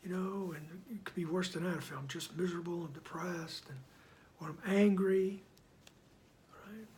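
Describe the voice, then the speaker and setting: A man giving reflective commentary on a spiritual text. He speaks softly, often slips into a whisper, and keeps checking in with "right?". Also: high voice, steady tone. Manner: soft-spoken, often dropping to a whisper; unhurried, checks in with "right?" after each point. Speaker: spiritual study reader and commentator.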